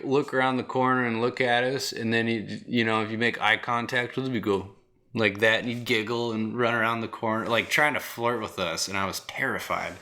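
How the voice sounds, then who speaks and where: A man hosting a podcast who tells rambling stories in a casual, animated way and swears constantly. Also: medium pitch. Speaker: podcast host. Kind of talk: casual storytelling.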